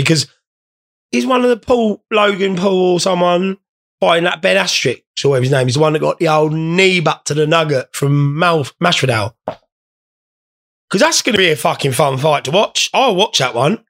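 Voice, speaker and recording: A man's voice: fairly high pitch, animated, moderate pace, a bit bright. A young man hosting a casual podcast, rambling, swearing and joking while stoned. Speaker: podcast host.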